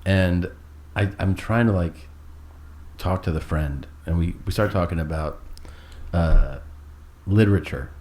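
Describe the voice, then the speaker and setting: Deep-voiced man telling a rambling story. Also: a little slow, a little mellow. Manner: rambling, profane, acts out quotes with "I was like". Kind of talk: casual storytelling chat.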